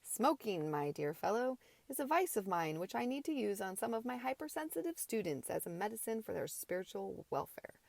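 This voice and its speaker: A woman voicing a brash, loud middle-aged male teacher in an amateur audiobook, booming and bluff. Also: big pitch swings, brisk, creaky, hardly any pauses, dry recording. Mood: blustering. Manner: booming and bluff, mock-hectoring.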